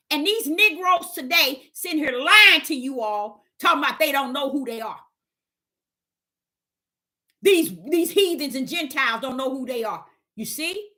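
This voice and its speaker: A woman's voice: high-pitched, animated, moderate pace, pushed and bright. A woman teaching the Bible on a livestream, emphatic and repetitive, firing rhetorical questions at her chat.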